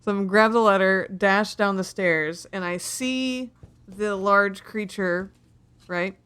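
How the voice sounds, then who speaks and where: A woman playing a tabletop role-playing game, describing her character's moves with animated energy. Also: medium pitch, measured pace, clean tone. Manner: animated, narrates her character's actions in first person. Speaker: player. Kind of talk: casual tabletop role-play chat.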